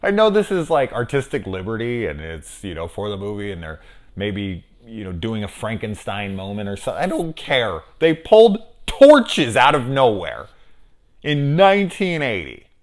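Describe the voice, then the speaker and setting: A man's voice: on the low side, big pitch swings, moderate pace. A man talking casually through a spoiler review of a horror movie, incredulous and swearing often.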